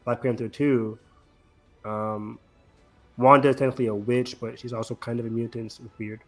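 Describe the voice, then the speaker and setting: A man's voice: mid-range voice, level tone, normal speed, faint music behind. A man hosting a casual podcast chat, talking eagerly with many fillers. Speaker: podcast host.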